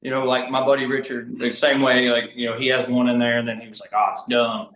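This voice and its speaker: A man guesting on a podcast, telling hunting stories in a lively, casual way, speeding up in bursts. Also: mid-range voice, a little hiss or hum. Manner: animated, talks fast in bursts, laughs mid-story. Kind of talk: casual storytelling chat. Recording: roomy echo.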